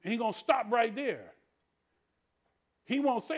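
A male pastor preaching a sermon in church, calling out to the congregation and swinging between hushed tender asides and shouted refrains. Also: extremely high pitch, big pitch swings, unhurried. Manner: preaching with call-and-response, rising to shouts; drops to soft tender voice for quoted lines.

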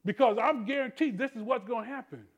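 A male pastor preaching a sermon in church, calling out to the congregation and swinging between hushed tender asides and shouted refrains. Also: extremely high pitch, fast talker. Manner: preaching with call-and-response, rising to shouts; drops to soft tender voice for quoted lines.

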